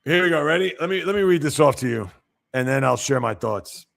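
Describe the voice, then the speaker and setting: Gravelly, blunt sports livestream host. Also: male voice, mid-range voice, lively intonation, fairly quick, fairly bright tone. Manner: blunt, opinionated, reacts to chat. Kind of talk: casual livestream commentary.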